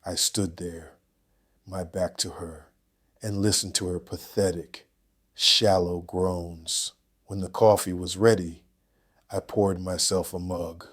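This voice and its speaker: Older male narrator, lowish pitch, reading a first-person story with calm, cold deliberation. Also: takes it slowly.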